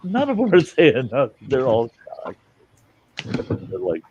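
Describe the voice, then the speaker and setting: Deep-voiced, profane storytelling man. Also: huge pitch swings, unhurried, long pauses. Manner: profane, laughs often while telling stories. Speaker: host. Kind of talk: casual campfire storytelling. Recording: muffled lo-fi audio with faint hiss.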